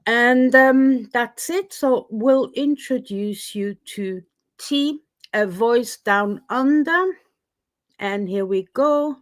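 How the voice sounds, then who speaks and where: A woman's voice: on the high side, takes it slowly, dry recording. A woman with a Swiss French accent, a native French speaker, hosting a casual live-stream interview with chatty, hesitant talk and frequent laughs. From Switzerland.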